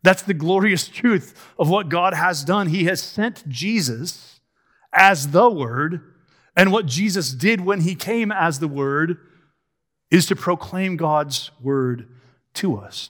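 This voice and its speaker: A man delivers a sermon in an emphatic, questioning style, slowing down to lean on key words. His voice sits a touch higher than most men's. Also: fairly bright tone. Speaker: preacher.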